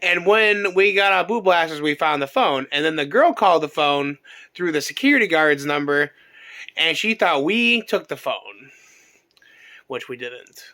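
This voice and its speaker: Young vlogger telling a lively story. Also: measured pace. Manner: animated retelling with lively pitch jumps. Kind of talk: casual story time.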